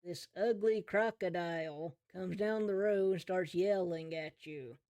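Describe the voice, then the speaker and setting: A man running a tabletop game as game master, narrating in an easygoing, slow descriptive way. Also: sits high, darkish tone, dry recording, highs cut off.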